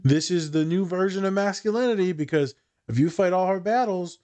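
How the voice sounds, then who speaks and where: A man's voice: high-pitched, brisk. A man, a therapist and podcast host, talking casually, telling stories with lots of swearing and acted-out quotes. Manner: animated, profane storytelling with quoted voices.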